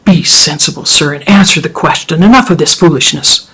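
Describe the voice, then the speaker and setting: A storyteller voicing a stern, exasperated courtroom judge who questions slowly and deliberately. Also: medium pitch, fairly bright tone, slightly rough.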